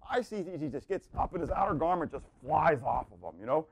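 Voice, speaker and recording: A man preaching a sermon, asking the room rhetorical questions and swinging from hushed, quiet lines to loud, excited ones. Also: fairly high pitch, quick pace, vocal fry, husky. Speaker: pastor.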